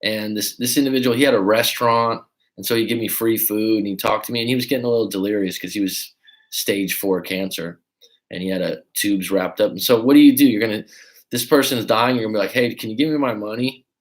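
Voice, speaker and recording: Male life coach on a livestream, low-pitched, loose and candid, storytelling with some swearing. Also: quick pace. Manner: casual, swearing, storytelling with acted quotes. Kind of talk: livestream advice talk.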